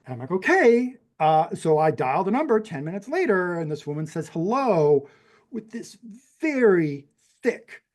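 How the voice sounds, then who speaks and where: A very animated man's voice, fairly high in pitch with a darkish tone, at a moderate pace. He's a podcast guest in his fifties, from New Mexico, USA, with a general American accent, telling a rambling personal story packed with fillers and restarts.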